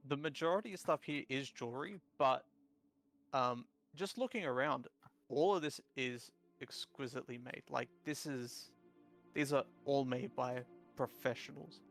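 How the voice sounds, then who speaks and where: A man's voice: medium pitch, moderate pace, gravelly, fairly bright tone. Man, dungeon master, tabletop game narration, rambling with fillers, faint background music.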